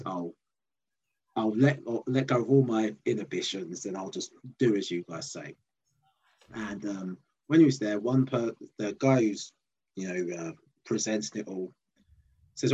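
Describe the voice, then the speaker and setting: Low husky man telling a story. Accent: Essex English. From England. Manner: animated, acts out quoted voices. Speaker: guest comedian. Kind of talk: storytelling interview chat. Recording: dull lo-fi sound.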